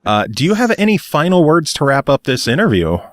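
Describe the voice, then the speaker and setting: A man's voice: a little high, very animated, fairly quick, no echo, studio quality. A man hosting a podcast, wrapping up an interview in a teasing, upbeat way. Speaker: podcast host. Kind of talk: casual podcast chat.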